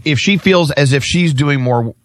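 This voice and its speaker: A man's voice: fairly high pitch, moderate pace, dry recording. A man hosting a morning radio show, joking with co-hosts and reading segments. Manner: lively, joking, reads ads.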